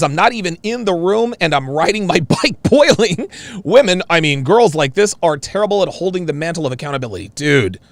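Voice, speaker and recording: A man hosting a live stream and reading viewer messages aloud, with a distinctive voice that swings from very high to very low. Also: no echo.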